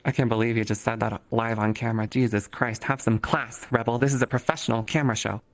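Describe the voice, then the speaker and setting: A man as an interview guest in a casual chat, joking crudely in a deadpan way. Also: mid-range voice, fast talker.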